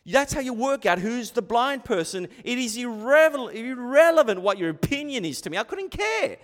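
A man preaching a sermon as pastor, dramatic, dropping to a hush and rising to a shout. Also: extremely high pitch, animated, normal speed, long reverb tail.

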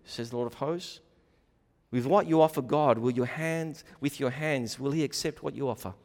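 A man preaching a sermon, animated and swinging between loud emphasis and hushed asides, acting out quoted voices. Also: medium pitch, moderate pace. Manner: animated, acts out quoted voices, rising and falling loudness. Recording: long reverb of a large hall.

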